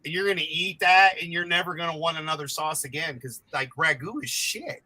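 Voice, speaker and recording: A man in casual group chat, swearing and mocking in loud banter. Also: fairly high pitch, fairly even intonation, brisk, no room sound.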